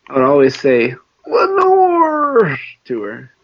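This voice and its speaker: A man's voice: medium pitch, normal speed, vocal fry, husky, dry recording. A man co-hosting a podcast in casual chat, joking and teasing, on a dull lo-fi recording. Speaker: podcast co-host.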